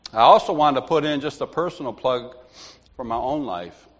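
A man's voice: medium pitch, normal speed. Guy giving a folksy sermon, laughs a lot, acts out his stories, echoey church. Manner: storytelling, laughs often, acts out others. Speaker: lay preacher. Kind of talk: informal sermon with anecdotes. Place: church sanctuary. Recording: long hall reverb.

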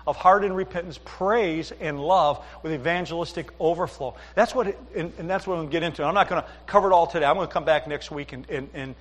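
Middle-aged man, pastor, folksy sermon, a touch high-pitched, hall reverb. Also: fast, hardly any pauses. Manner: folksy storytelling with asides. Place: church sanctuary.

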